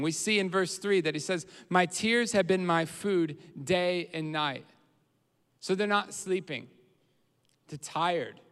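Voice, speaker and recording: Pastor, male, bright high voice, smooth and clear, earnest preaching style, reverberant church hall. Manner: earnest preaching, rises in volume on quoted prayers. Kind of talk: sermon.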